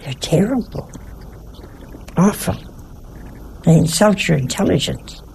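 Gravelly-voiced nun, folksy and humorous. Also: female voice, fairly low pitch, lively intonation, takes it slowly, warm tone, a little hiss or hum, low-quality recording. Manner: folksy and humorous, with frequent rhetorical asides. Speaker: nun giving a religious talk. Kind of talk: sermon with personal anecdotes.

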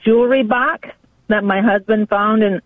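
A woman from South Dakota calling in to a radio show, telling her story plainly with pauses and ums over the phone. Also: medium pitch, steady tone, dry recording. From South Dakota, USA. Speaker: caller. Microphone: telephone. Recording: tinny dry phone line.

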